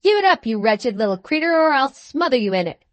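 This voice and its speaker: A blunt young manservant barks threats, put on by a woman reading a storybook. The voice sits a little high and sounds dry and close. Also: very animated, a little fast, no room sound, dull audio. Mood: gruff. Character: blunt, streetwise young male servant.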